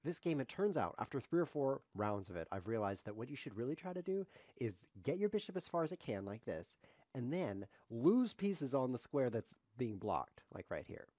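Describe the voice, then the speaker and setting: A man commentates his own chess games on a live stream, cracking jokes at his own expense. His pitch swings up and down freely, and he drops to a quiet mutter while he weighs a move. The sound is close and dry, with no room behind it. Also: moderate pace, no room sound. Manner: joking, self-mocking, animated; mutters quietly while thinking over moves.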